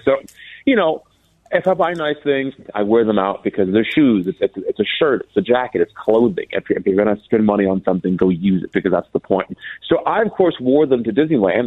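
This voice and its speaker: A man hosting a radio show, telling a story in casual chat with animated delivery and many stammered restarts. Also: on the low side, no room sound. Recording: thin phone-like radio sound.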